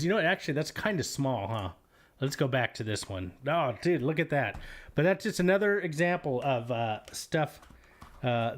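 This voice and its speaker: A man hosting a livestream, reading chat logs aloud with jokey asides and frequent laughter. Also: medium pitch. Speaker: livestream host.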